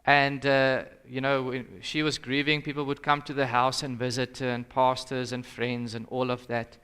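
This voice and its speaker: A man's voice: mid-range voice, little pitch movement, moderate pace, a bit bright, clear, resonant tone. A young South African man, a pastor, leading an interactive Sabbath school lesson and putting questions to the audience in a conversational way. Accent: South African English.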